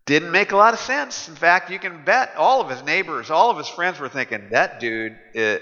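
Pastor, man, very bright voice, casual humorous sermon, echoey hall. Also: high-pitched, expressive, a little fast, highs cut off. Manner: conversational, humorous, chuckling.

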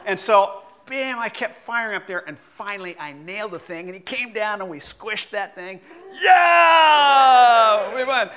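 A middle-aged male pastor tells a story from the pulpit in a high, bright voice. He is an animated storyteller who laughs often as he talks. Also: moderate pace, few pauses. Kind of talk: sermon with a personal story.

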